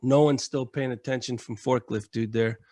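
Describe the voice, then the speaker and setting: A man from the United States, a military veteran and podcast guest, telling stories in a casual, animated way, acting out quotes and swearing freely. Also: mid-range voice, normal speed, no echo, studio quality. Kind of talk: casual storytelling.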